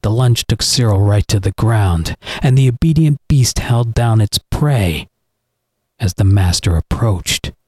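A man reading a horror story aloud in an expressive, dramatic narrating style. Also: on the low side, unhurried, husky, no room sound, clean studio sound. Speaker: audiobook narrator.

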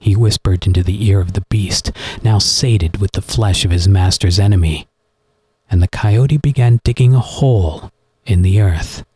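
Man, husky voice, animated audiobook narration, dry close recording. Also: low voice, normal speed, dry recording. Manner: vivid, expressive storytelling. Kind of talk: dramatic horror audiobook narration.

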